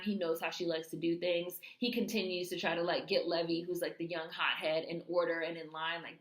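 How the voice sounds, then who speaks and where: Lady vlogger reviewing a movie, lots of "like", swears freely, lower voice, echoey room. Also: fairly bright tone. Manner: candid, profane, filler-heavy. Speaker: film reviewer. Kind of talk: casual film review vlog.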